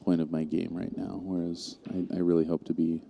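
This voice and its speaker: Deep mellow guy calling pool shots, steady and easygoing, faint hiss behind. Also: a little fast, creaky, highs cut off. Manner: steady, talks through shot choices. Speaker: pool stream commentator. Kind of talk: casual live commentary.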